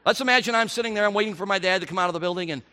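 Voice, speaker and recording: A middle-aged man preaching a sermon, animated and rising to near shouts on his emphatic questions. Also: high-pitched, rapid-fire.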